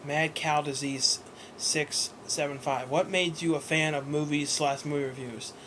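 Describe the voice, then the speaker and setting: A man's voice: fairly high pitch, steady tone, measured pace, a bit bright, a little hiss or hum. A young man co-hosting a casual question-and-answer chat, rambling with lots of fillers and casual swearing. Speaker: co-host answering viewer questions.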